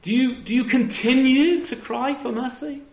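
Here a pastor's very high, slightly mellow voice moves at normal speed through a sermon at a church service. He uses rhetorical tag questions and dry humor at his own expense, and the sound carries a roomy echo.

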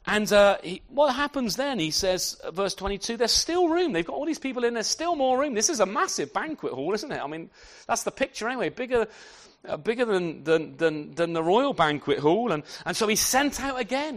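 A man preaching a sermon to his congregation, animated and often repeating words as he restarts his sentences. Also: high-pitched, a little fast. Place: church.

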